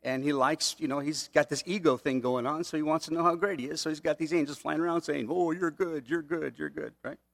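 A man's voice: on the high side, fairly even intonation, fast, few pauses. A man preaching a sermon in a conversational way, often checking in with "okay?" asides. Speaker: pastor.

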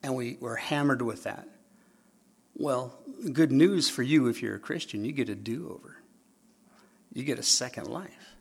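A man preaching a sermon, swinging from loud emphatic lines to hushed, near-whispered asides. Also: medium pitch, a little slow, gravelly, slightly rough. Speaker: pastor.

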